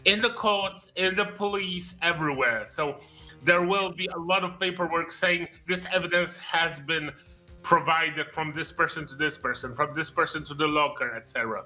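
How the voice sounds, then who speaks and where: A man chatting loosely with friends during a game voice-acting stream, his voice very bright and somewhat high. Faint music plays underneath. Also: moderate pace. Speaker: regular cast member. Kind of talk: casual chat and game voice acting.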